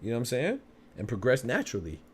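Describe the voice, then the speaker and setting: A young man riffs through a solo podcast, loose and conversational, full of slang and repeated phrases. His voice sits in a mid pitch. There is a faint hum of noise behind him. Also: huge pitch swings, fast talker. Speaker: boxing podcast host. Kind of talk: casual solo podcast talk.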